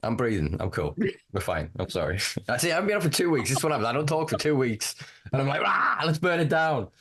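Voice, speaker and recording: A man's voice: medium pitch, very animated, fast, breathy edge. A man with a Northern English accent, talking in a casual podcast chat with passionate, profane ranting. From Northern England. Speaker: podcast correspondent.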